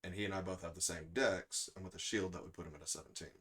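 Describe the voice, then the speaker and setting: A man's voice: low-pitched, steady tone, fast talker, a bit bright, husky. A man playing a tabletop game, chatting about the rules in a joking, playful way. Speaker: player. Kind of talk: casual tabletop game chat.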